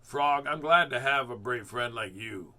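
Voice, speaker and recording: A man voicing an excitable, show-off male toad who talks loudly and eagerly in a storybook read-aloud. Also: mid-range voice, unhurried. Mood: boastful. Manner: loud, eager, exclaiming. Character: boastful, excitable male toad, showy then anxious.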